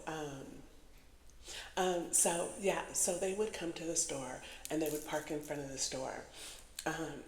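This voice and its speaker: Animated woman in an echoey room. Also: lowish voice. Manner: animated, laughs through stories, swears. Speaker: vlogger. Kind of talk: casual storytelling monologue. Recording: echoey room with long reverb.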